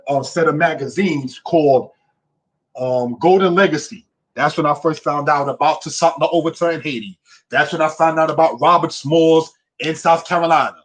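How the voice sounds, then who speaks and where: Husky guy with a slightly high voice giving a history lesson, preachy, keeps asking do you understand. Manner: repeats "you understand?" and "brothers and sisters"; emphatic, preacherly. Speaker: teacher.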